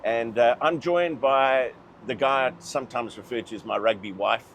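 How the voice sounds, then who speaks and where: A man's voice: mid-range voice, normal speed, vocal fry, fairly bright tone, slight background noise. A man from South Africa hosting a casual podcast chat, bantering and joking with his co-host and guest. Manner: chatty, jokey banter.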